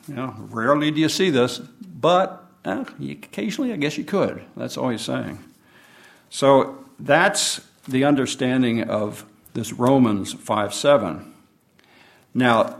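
Man preacher, mid-pitched voice, patient Bible study teaching style. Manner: unhurried teaching, reads and explains scripture.

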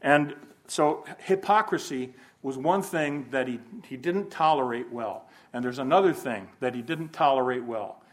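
A man teaches a casual Bible class in his ordinary mid-pitched voice. He thinks out loud, poses rhetorical questions to his listeners, and drops in homespun jokes. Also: normal speed, few pauses. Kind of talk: informal Bible lesson.

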